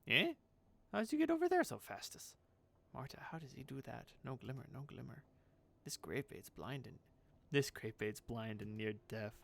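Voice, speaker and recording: A man's voice: medium pitch, big pitch swings, normal speed, vocal fry, a bit bright. A man voicing a sour, muttering female corpse-picker who chatters to herself in a sing-song voice and calls herself by name. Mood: sing-song scolding.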